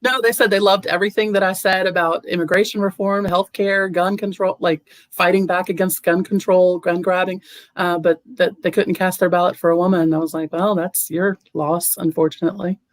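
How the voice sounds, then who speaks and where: A woman running for office, answering interview questions in an earnest way, often pausing on ums and restarting her sentences. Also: on the low side, level tone, no room sound. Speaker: political candidate guest.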